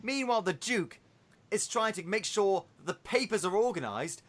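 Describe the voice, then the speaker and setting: A man hosting a podcast, retelling a film in a casual, animated way with swearing. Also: sits high, moderate pace. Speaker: podcast host.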